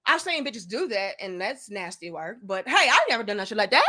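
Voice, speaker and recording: A woman's voice: mid-range voice, very animated, fairly quick, few pauses, bright, forceful tone. A young adult woman, delivering a blunt, profane, preachy opinion monologue as a commentary show host.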